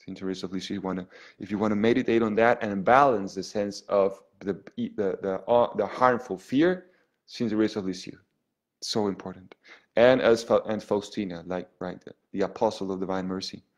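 Fairly low-pitched and steady in tone, this priest talks a little fast as he gives an online group a sincere spiritual lesson. His phrases often restart, he keeps asking "okay?", and his volume moves from forceful emphasis to quiet, hushed moments.

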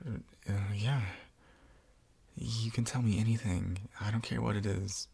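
A man in a whispered role-play, speaking gently and reassuringly as a supportive roommate. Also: lowish voice, steady tone, a little slow, creaky, husky, no room sound. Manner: gentle, reassuring, soft-spoken. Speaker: ASMR roleplayer.

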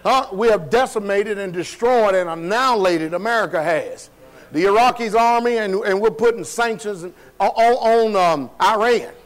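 High-voiced man preaching to a congregation. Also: normal speed. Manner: call-and-response preaching, asks the congregation questions; colloquial, laughs between points. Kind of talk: sermon. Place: church hall.

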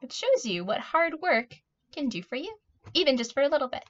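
A preschool teacher, a woman, reading a picture book aloud to young children in a gentle, expressive, child-directed way. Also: high-pitched, fairly quick. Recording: dull lo-fi audio.

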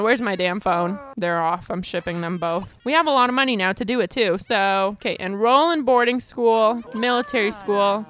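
A woman's voice: mid-range voice, expressive, normal speed, a bit bright. A young woman giving dramatic, exasperated casual commentary while playing a life-sim game. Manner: dramatic, exasperated, mild cursing. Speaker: gaming streamer.

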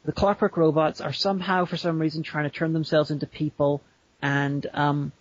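A man's voice: a little high, level tone, moderate pace, no room sound, lo-fi sound. A man co-hosting a podcast in casual chat, rambling and breaking into silly voices. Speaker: podcast co-host.

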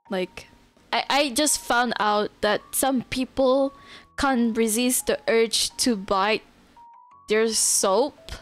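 A woman live streamer in casual chat with her viewers. She is relaxed and chatty, laughs often and answers chat messages. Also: fairly high pitch.

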